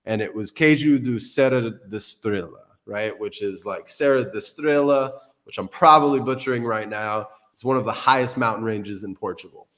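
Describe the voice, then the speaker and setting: A man's voice: fairly low pitch, normal speed, a bit bright. Rambling, jokey male livestream host. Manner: rambling, jokey, swears casually. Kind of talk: casual livestream chat. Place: Portugal.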